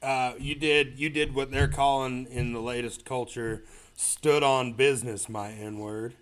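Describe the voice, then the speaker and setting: A man's voice: mid-range voice, fairly even intonation, a little slow, noisy background. A man co-hosting a comedy podcast, ranting bluntly with plenty of profanity. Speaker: podcast co-host. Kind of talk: casual comedy podcast chat.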